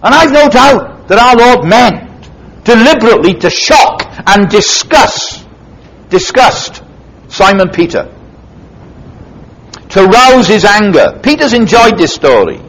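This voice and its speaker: A man's voice: big pitch swings, unhurried, fairly bright tone, a little hiss or hum, low-quality recording. A man preaching a sermon, retelling a parable emphatically and dramatically. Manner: emphatic, dramatic retelling with sweeping pitch swings. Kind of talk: expository sermon.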